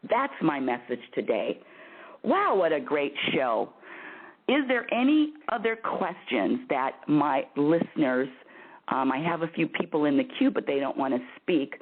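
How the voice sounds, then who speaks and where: A woman hosts a spiritual advice call-in radio show in a low, sing-song, unhurried voice. She speaks emphatically, bossily and emotionally, laughing often, and the sound is narrow-band like a phone.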